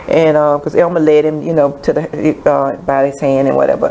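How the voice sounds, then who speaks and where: A woman's voice: low-pitched, flat delivery, brisk, vocal fry, hardly any pauses, dark tone, rough recording. A woman telling a folksy story on a radio show, acting out the characters' voices. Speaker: storyteller guest. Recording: faint background noise.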